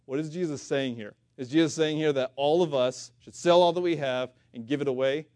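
A man preaching a sermon in an earnest, conversational way, asking rhetorical questions, with frequent restarts and louder scripture readings. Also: a little high, no room sound. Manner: reads scripture aloud in King James wording, louder and slower.

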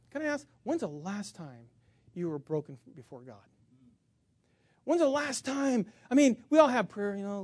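A middle-aged male pastor preaching a sermon, swinging from hushed tones to shouting and acting out funny stories. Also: sits high. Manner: acts out funny stories with voices.

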